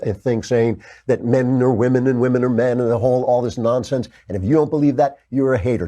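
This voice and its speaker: Heated sarcastic man, dark husky voice. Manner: heated, sarcastic, mocks opponents in high whiny put-on voices. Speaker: political commentary show host. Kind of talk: opinionated political monologue.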